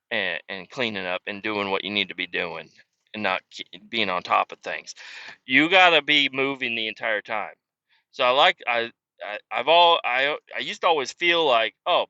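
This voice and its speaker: Profane ranting man, bright voice. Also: medium pitch, dry recording, highs cut off. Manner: profane, exasperated ranting with shouted outbursts. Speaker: podcast host. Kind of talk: casual ranting monologue.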